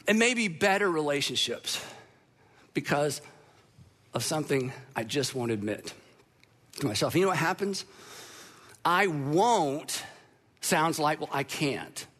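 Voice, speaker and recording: A man speaks to an audience in a fairly high voice, telling a story with animated, self-deprecating humor. His tone is bright and forceful. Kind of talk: storytelling talk to a live audience.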